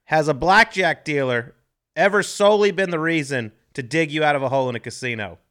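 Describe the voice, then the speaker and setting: A man's voice: a little high, brisk, a bit bright. A man co-hosting a casual podcast who cuts in with short, joking remarks and questions. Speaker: podcast co-host. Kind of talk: casual chat.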